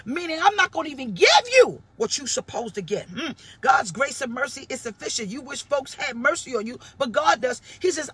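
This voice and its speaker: A woman pastor preaching a livestream sermon, fervent and often shouting, greeting viewers by name as she goes. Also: high-pitched, big pitch swings, a little fast, few pauses, breathy edge. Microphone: phone or webcam livestream.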